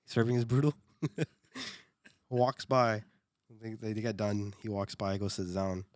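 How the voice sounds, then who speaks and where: A young man with a fairly low voice tells a story on a podcast, loose and chatty, laughing and swearing as he goes. He stumbles over and repeats words. The sound is close and dry, with no room around it. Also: steady tone, slow, a little mellow, dry recording. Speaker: podcast co-host. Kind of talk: casual storytelling chat.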